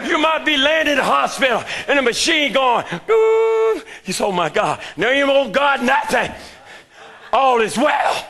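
An older man preaching a fervent sermon in a church, shouting his lines and calling out to the congregation. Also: extremely high pitch, animated, normal speed, vocal fry.

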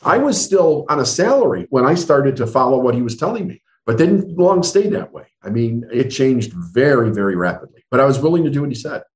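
A middle-aged man speaks as a guest business coach, earnest and emphatic. His voice sits at an ordinary medium pitch, and he acts out the people he quotes as he tells his stories. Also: very animated, fairly quick, few pauses. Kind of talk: storytelling interview answers.

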